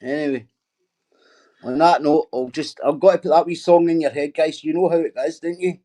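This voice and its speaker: A man's voice: a little high, steady tone, a little fast, warm tone. A middle-aged man hosting a casual livestream, reading out viewer comments and answering them with sweary, mocking banter.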